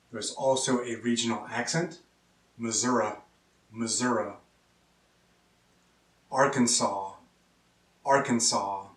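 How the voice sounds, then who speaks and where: A man from Kansas, teaching pronunciation in a slow lesson and repeating each word clearly. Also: medium pitch, a bit bright. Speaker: English teacher. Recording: echoey room, distant mic.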